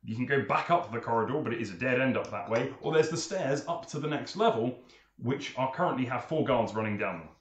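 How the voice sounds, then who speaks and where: A man's voice: mid-range voice, animated, fairly quick. A man running a tabletop game as game master, narrating loosely with fillers and laughs among several players. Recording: echoey room, faint noise.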